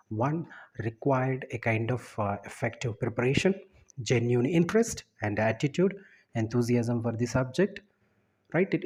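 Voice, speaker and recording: A man's voice: mid-range voice, a little mellow, breathy edge. A man giving an explanatory lecture, often ending points with a checking "right?".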